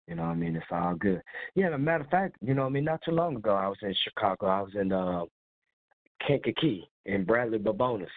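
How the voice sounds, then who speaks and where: A man's voice: fairly low pitch, animated, quick pace, creaky, dry recording. A man hosting a casual live call-in chat, congested with a cold, talking in a loose, rambling way. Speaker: host of a call-in live show. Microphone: phone call. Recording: dry tinny phone line.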